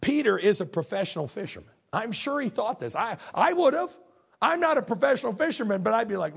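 A man preaching a sermon as a pastor, folksy and animated, with joking asides. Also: high-pitched, fairly quick, gravelly, husky.

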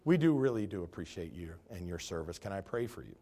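A man voicing an apologetic driver caught speeding, quiet, humble and polite. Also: deep voice, big pitch swings, quick pace, pitched below the performer's own voice, exaggerated voice.

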